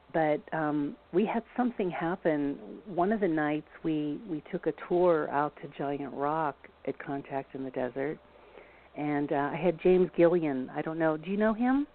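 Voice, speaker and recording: Rambling woman historian guest with a slightly low voice, heard over a phone line. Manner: rambling, many restarts and fillers. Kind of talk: casual storytelling on a phone-in show.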